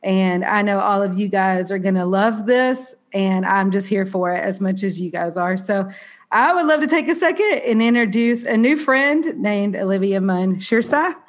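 Chatting casually on her podcast, a Southern US woman speaks at a moderate pace in a mid-range voice. She sounds a little nasal and congested, and she's bubbly, talkative, and quick to poke fun at herself.

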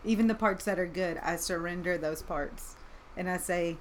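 A woman's voice: lowish voice, moderate pace, slight background noise. Affirming woman hosting a faith chat. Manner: enthusiastic, affirming, with many likes. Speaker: podcast host. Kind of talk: casual faith conversation.

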